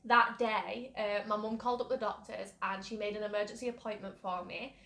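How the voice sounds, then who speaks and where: In a room with roomy echo, a young British mental health vlogger candidly shares a personal story, rambling and using many fillers. She speaks briskly in a steady, mid-range voice that's a bit bright, with some vocal fry.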